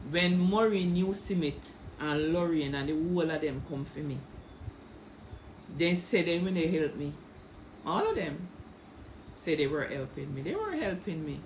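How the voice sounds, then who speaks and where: A woman's voice: deep voice, noisy background. A middle-aged woman with a Jamaican accent, speaking Patois in a heated, tearful livestream rant, calling out viewers by name into a phone. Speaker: social media livestreamer.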